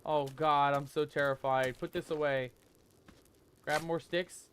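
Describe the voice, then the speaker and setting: A man playing a survival horror game and commenting as he goes, calling his viewers "mateys" and shouting when he gets scared. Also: fairly high pitch, unhurried, clear, resonant tone. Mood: frightened. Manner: jumpy, excitable, loud when scared. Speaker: gaming YouTuber. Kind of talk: let's play commentary.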